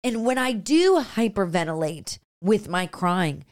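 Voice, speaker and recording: A woman's voice: mid-range voice, big pitch swings, measured pace. A woman in her thirties hosting a casual podcast, emotional and effusive, swearing casually. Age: 30s. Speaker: podcast host.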